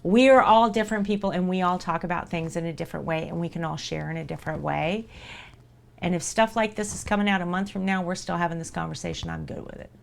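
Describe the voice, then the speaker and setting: A woman's voice: fairly low pitch, fast, gravelly, a little hiss or hum. A woman streamer talking live to her viewers in an earnest, reassuring way, repeating herself for emphasis.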